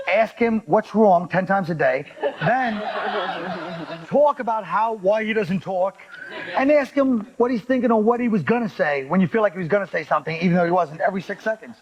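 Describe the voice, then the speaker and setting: Sarcastic male panel-show host, higher voice, reads letters, dull lo-fi TV audio. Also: fairly quick, background noise. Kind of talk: comic panel show hosting. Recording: dull lo-fi TV recording.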